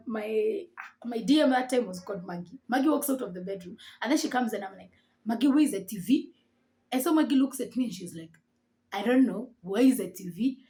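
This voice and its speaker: Lively Kenyan woman telling a story. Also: on the high side. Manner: animated, acts out the dialogue. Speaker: vlogger. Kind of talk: storytelling to camera.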